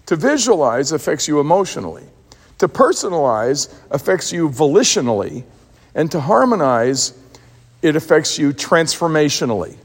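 A man's voice: on the high side, big-room sound. A man preaching a sermon as a pastor, telling stories with emphatic repeated words.

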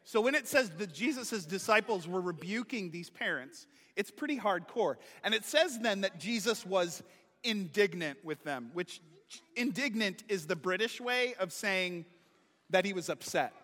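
A man, a pastor, giving a playful, animated children's sermon, talking straight to the kids. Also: high voice, normal speed. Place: church sanctuary. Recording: long hall reverb.

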